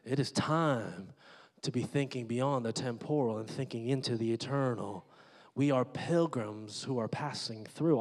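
Candid pastor preaching in a reverberant hall. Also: male voice, mid-range voice, a little mellow. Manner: candid, jokey and conversational. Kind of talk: sermon.

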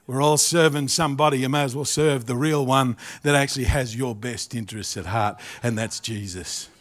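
A middle-aged man with an Australian accent preaching a sermon, animated and jokey, acting out little asides. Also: mid-range voice, moderate pace. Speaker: pastor.

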